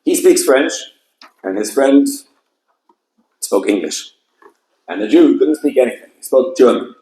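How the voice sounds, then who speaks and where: A man's voice: medium pitch, expressive, unhurried, mellow, roomy sound, rough recording. A man, a rabbi, preaching a sermon with passionate, emphatic storytelling at an evening event. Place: event hall with audience.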